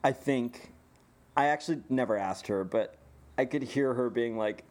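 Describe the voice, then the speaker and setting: A man in an easygoing podcast chat, recounting a night out with lively energy. He laughs often through his own story and swears freely, his voice sitting at an ordinary middle pitch. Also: normal speed. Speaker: podcast co-host. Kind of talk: casual chat.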